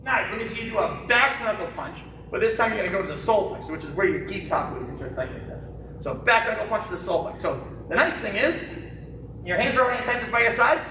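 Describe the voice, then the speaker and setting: A martial arts instructor teaching a live-streamed kids' class in a studio, calling out sharp commands and joking between drills. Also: mid-range voice, expressive, quick pace, distant mic, noisy background. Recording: very echoey studio heard from afar.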